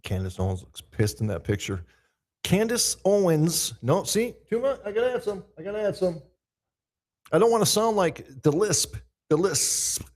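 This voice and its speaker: Male podcast host, casual and profane, lively pitch, raspy, recorded in an echoey big room. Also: a little fast. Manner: loose, profane, talks to himself while setting up. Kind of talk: casual pre-show chat.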